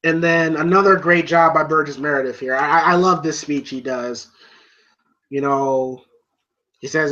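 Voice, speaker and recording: Bright-voiced man rambling through a movie review. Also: fairly high pitch, moderate pace, highs cut off. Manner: rambling, amused retelling.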